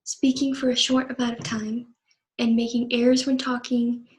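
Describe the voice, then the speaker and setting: Young woman, student presenter; reads her class talk evenly, slightly high voice, little melody. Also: level tone, moderate pace, poor audio.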